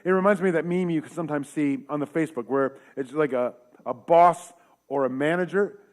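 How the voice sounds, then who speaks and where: A man's voice: a little high, brisk. A man preaching a casual sermon in a church, talking conversationally with joking asides and rhetorical questions. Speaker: pastor.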